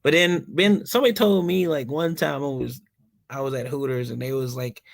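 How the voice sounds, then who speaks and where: Gravelly Philly man, dry close sound. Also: mid-range voice, normal speed, no room sound. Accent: Philadelphia with some Southern. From Philadelphia. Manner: animated storytelling, swears freely. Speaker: podcast host. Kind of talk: casual chat.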